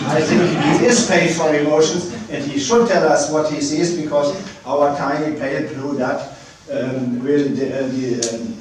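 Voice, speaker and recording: A man with a slightly high voice gives a public lecture with slides, pausing often and restarting his sentences. He is picked up from some way off the mic. His voice rings through a large, very reverberant hall. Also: slight background noise. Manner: hesitant, many pauses and restarts. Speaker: space agency director giving a public lecture. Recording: very echoey hall, mic at a distance.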